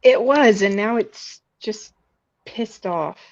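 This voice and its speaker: A woman's voice: mid-range voice, slow pace, a little mellow. A flustered woman calls into a live stream by phone and fights with the setup. She swears offhandedly as she talks. Her voice sounds dull and a little far from the phone mic. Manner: flustered with the tech, swears casually. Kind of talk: casual chat.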